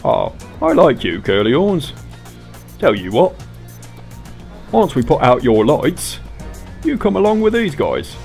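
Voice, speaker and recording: A man's voice: mid-range voice, wildly swooping pitch, unhurried, creaky, pauses often, darkish tone, faint music behind, voice pushed up, exaggerated voice. A man voicing a massive swaggering male demon with a West Country accent, talking in a boastful, taunting drawl. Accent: West Country English.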